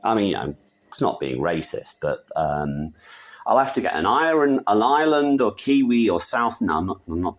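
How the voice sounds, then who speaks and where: A man from Britain delivering an angry opinion rant to camera, emphatic, with quick muttered asides. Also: big pitch swings. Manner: indignant, emphatic, with sudden pitch jumps and quick muttered asides. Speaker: video commentator.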